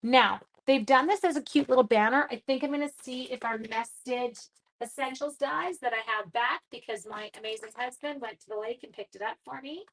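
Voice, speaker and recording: A middle-aged woman leads a relaxed home crafting livestream in a fairly high voice at normal speed, with slight background noise. Chatty and self-deprecating, she welcomes viewers by name and jokes about her own errors while demonstrating.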